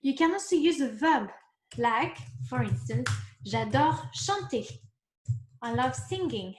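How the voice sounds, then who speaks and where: A woman teaching a beginners' lesson, explaining slowly step by step and checking in with the class. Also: sits high, lively intonation, roomy sound, background noise. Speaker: French teacher. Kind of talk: recorded online lesson.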